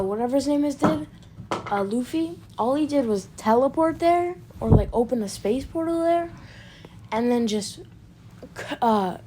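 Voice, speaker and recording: A woman's voice: a little high, warm tone, a little hiss or hum. A woman telling an improvised story in a rambling, casual way, full of fillers and restarts and free with swearing. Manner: swears freely. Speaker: fan storyteller.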